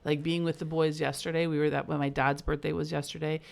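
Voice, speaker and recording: A woman co-hosting a casual podcast, her voice rough with a creaky edge. She tells frank personal stories with a loose, unpolished manner and the odd curse word. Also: low voice, level tone, fast. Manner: candid storytelling, frequent "like", occasional swearing. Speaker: podcast co-host. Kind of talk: casual chat.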